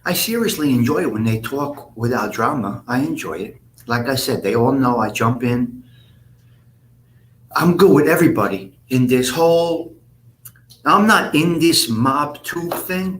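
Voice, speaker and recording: A man's voice: mid-range voice, animated, measured pace, fairly bright tone, slight background noise. A man hosting a casual live stream, answering viewers' comments by name in a blunt, profane, rambling way.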